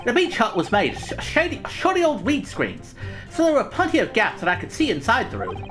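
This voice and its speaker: A woman's voice: on the high side, wildly swooping pitch, a little fast, over music, voice pushed up. A woman voicing an eager young male newsboy reporter with a slight put-on British accent, in chirpy, boastful patter.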